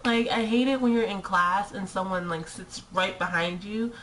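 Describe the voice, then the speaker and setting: A woman's voice: medium pitch, normal speed, a little hiss or hum, rough recording. Exasperated young woman vlogging. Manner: exasperated and animated, with many rhetorical questions; frequent "like" fillers. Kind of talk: casual chat to camera.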